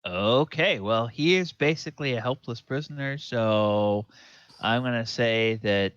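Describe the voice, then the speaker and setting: Slow-talking man running a tabletop game. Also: medium pitch, a bit bright, clean tone, no echo, highs cut off. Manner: slow, drawn-out narration with many fillers. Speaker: dungeon master.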